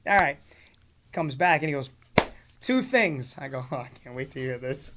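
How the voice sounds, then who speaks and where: A man telling a comic story with a lively voice that swings through a wide range of pitch. He acts out every part of the exchange himself and laughs often as the story goes on. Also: normal speed, long pauses, a little hiss or hum. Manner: animated, acts out both sides of exchanges.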